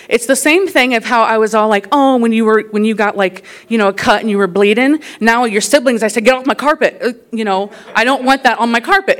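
A middle-aged woman telling a family story as a casual testimony, lively and laughing, growing loud when she quotes herself. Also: fairly high pitch.

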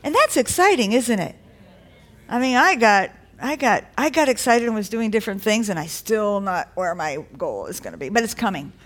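A woman's voice: medium pitch, expressive, moderate pace. A woman preaching a sermon to a congregation in a church, in a conversational, encouraging way that builds to rising exhortations.

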